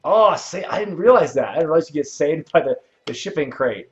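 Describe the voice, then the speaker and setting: A fairly high-pitched, animated male voice moves briskly as this young host plays a game live. He wanders from topic to topic in a relaxed way, chuckling and responding to viewers. The stream mic sounds dull and lo-fi.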